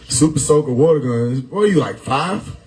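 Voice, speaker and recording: Animated, laughing livestream man. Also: mid-range voice, slow, poor audio. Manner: loud, laughing, profane, animated riffing on chat comments. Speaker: livestream host reading chat. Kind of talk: casual livestream chat. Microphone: phone or desktop mic on a live stream.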